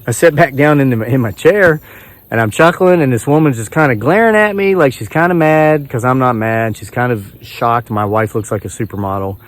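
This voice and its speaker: A man in his forties from West Virginia, talking outdoors to his channel in a rambling, chuckling, self-mocking way. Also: medium pitch. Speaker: homesteading vlogger. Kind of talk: rambling storytelling to camera.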